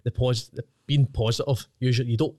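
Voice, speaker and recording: A man's voice: mid-range voice, fairly even intonation, a little fast, darkish tone, no echo. A young adult man with a Scottish accent, a podcast guest speaking bluntly with dry, sweary humor. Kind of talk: casual chat.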